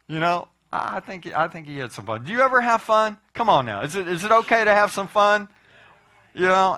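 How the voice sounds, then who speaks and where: A male pastor preaches in a loose, conversational sermon style and often turns to the congregation with asides. His voice sits a little high and sounds bright and forceful. He tells stories in an animated way.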